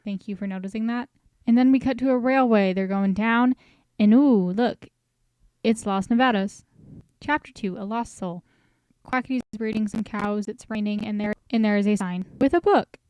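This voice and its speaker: A woman talks through a story recap in a loose, chatty way, tossing in joking asides as she goes. Her voice is smooth and clear at a middle pitch. The sound is dry and close, with no room echo. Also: normal speed, a little mellow. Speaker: recap host. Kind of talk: casual story recap commentary.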